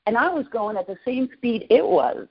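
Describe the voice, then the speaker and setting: Excited woman in her sixties, lo-fi. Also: a little high, moderate pace, husky. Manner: excited, emotional retelling. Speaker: guest. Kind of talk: personal storytelling. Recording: lo-fi podcast audio.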